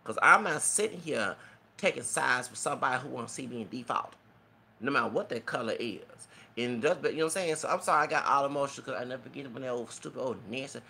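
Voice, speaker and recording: A man's voice: mid-range voice, lively intonation, fast, vocal fry, pushed and bright, a little hiss or hum. A man giving an emotional, preachy, rambling rant as a vlogger. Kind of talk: impassioned rant to camera.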